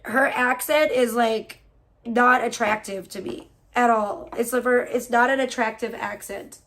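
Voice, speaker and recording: A woman's voice: on the high side, fairly even intonation, measured pace, a bit bright. A woman livestreamer in casual talk, profane and gossipy, venting at length about other streamers.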